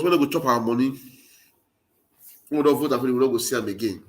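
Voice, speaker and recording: Speaking fast in a medium-pitched voice, this Nigerian Pidgin-accented political commentator delivers a fiery monologue, pressing his audience with repeated rallying cries.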